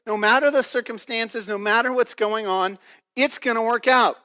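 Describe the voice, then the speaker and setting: A man's voice: extremely high pitch, moderate pace, pushed and bright, clean tone, long reverb tail. A man preaching a casual, conversational sermon to his church, full of fillers and frequent "right?" check-ins. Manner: casual, filler-heavy, keeps asking "right?". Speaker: pastor. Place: church auditorium.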